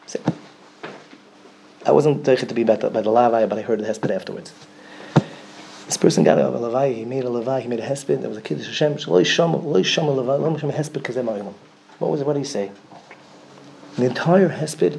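A man with a Yeshivish English accent giving a sermon, telling a story with strong swings from loud emphasis to a near whisper. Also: mid-range voice, expressive, fast, vocal fry, long pauses, a little hiss or hum. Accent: Yeshivish English, Yiddish and Hebrew words. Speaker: rabbi giving a talk.

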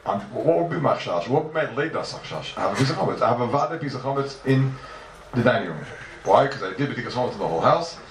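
A man teaching a Talmud class in a lively lecture style, repeating questions and mixing in Hebrew and Aramaic terms. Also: mid-range voice, fast, a little hiss or hum. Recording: echoey room, mic from far off.

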